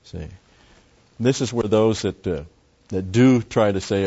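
A man's voice: lowish voice, a little slow, pauses often, mellow, slightly rough, lo-fi sound. A man preaching a Bible teaching sermon, explaining a passage step by step and repeating key phrases. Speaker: pastor.

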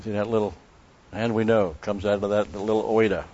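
A man teaching the Bible in an expository sermon, emphatic, repeating key phrases and slowing down on Greek words. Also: lowish voice, steady tone, a little mellow. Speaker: preacher. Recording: dull lo-fi recording.

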